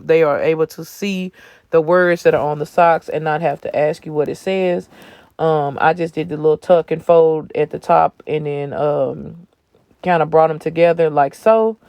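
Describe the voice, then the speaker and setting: A man's voice: on the high side, gravelly, clear, resonant tone, no echo, clean studio sound. Sleepy, chatty man doing a phone voiceover. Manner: chatty, folksy, addresses viewers as y'all. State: sleepy, yawning. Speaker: craft channel host. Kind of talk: casual tutorial voiceover.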